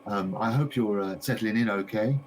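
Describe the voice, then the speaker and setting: A man voicing a fussy middle-aged village shopkeeper woman, chattering and repeating himself in a raised falsetto. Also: normal speed, slight background noise, lightly acted, low-quality recording. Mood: nosy.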